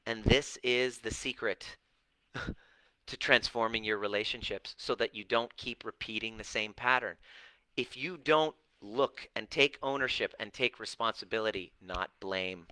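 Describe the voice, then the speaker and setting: Speaking at a measured pace, this middle-aged man has a lowish, bright, forceful voice, captured in poor audio with no room sound. He addresses viewers directly about relationships and healing, preachy and blunt, swearing and mocking with put-on voices.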